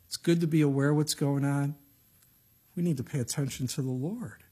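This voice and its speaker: A middle-aged male pastor preaching a sermon in a conversational way, acting out quotes with lively voices. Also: fairly high pitch, brisk, husky.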